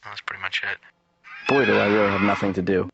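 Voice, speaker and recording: A man voicing a listless young adult son in a cartoon, slow and flat. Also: lowish voice, gravelly. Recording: dull lo-fi with loud background noise.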